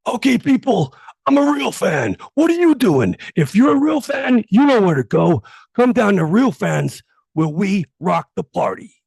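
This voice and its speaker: A man putting on a loud, hyped American football fan voice with a put-on American accent, raspy and shouting. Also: high voice, sing-song, measured pace, no echo, pitched above the performer's own voice, exaggerated voice.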